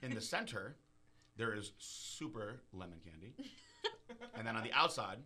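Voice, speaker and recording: A man's voice: on the low side, lively intonation, moderate pace, pushed and bright. A man co-hosting a casual chat, playful and joking, often laughing as he tells a story. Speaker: co-host. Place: office studio.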